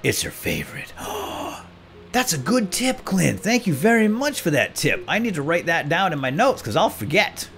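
A man giving casual, excitable commentary while playing a video game, and calling out to the characters as if they could hear him. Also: high-pitched, normal speed. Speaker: let's play gamer.

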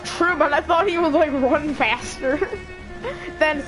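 A woman's voice: high voice, lively intonation, slow, long pauses, over music. A woman playing a video game in casual chat, playful and chatty, full of questions and sound effects. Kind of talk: casual let's-play chat.

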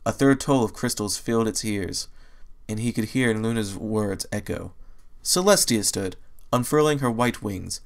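A man's voice: lowish voice, normal speed, creaky. Man reading a story aloud. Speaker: audiobook reader. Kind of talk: fan fiction read aloud.

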